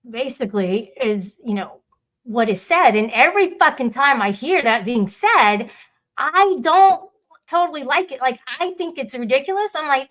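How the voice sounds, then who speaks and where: A woman's voice: fairly high pitch, a bit bright. A woman hosting a casual livestream, rambling and swearing as she talks back to her viewers' chat. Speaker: livestream host.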